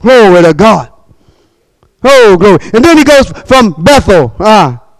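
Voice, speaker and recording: Preacher, male, very high voice, dry close sound; calls to the congregation, shouts, repeats himself. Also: very animated, dry recording, poor audio. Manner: call-and-response preaching, bursts of shouting, quick repetitions. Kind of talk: sermon.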